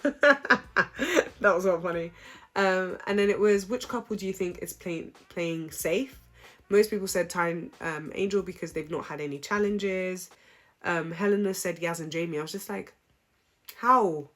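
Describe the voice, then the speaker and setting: A woman's voice: on the low side, normal speed. Chatty outspoken woman. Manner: chatty, animated, outspoken, with frequent ums. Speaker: reality show recap vlogger. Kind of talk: casual opinionated recap.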